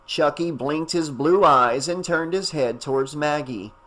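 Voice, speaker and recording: A man's voice: a little high, a little slow, pushed and bright, slight background noise. Man narrating an audiobook. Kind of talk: scripted narration.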